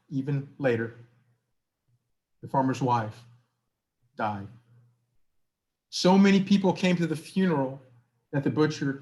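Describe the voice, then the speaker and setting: Man presenting a workshop, conversational. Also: medium pitch. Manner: conversational, asks rhetorical questions. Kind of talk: workshop talk and storytelling.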